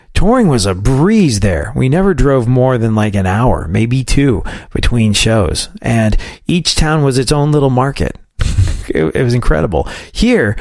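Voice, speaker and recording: Sarcastic New York man, gravelly voice. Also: medium pitch, darkish tone, no echo, studio quality. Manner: sarcastic, wry. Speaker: host. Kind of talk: political commentary show.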